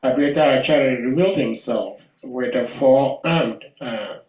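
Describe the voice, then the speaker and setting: A man in a class discussion speaks very slowly and haltingly, stopping often on "uh". He sounds far from the mic. The room adds a roomy echo. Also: medium pitch, a little mellow. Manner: slow and halting with many "uh" pauses. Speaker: class participant.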